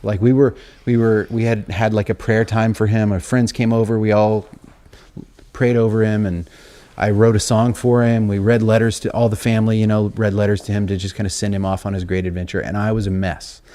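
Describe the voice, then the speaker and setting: A man's voice: fairly low pitch, little pitch movement, a little fast, dark tone. A middle-aged man, a guest telling a rambling, self-deprecating story on stage before a live audience. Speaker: interview guest, songwriter and author. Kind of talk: live onstage conversation.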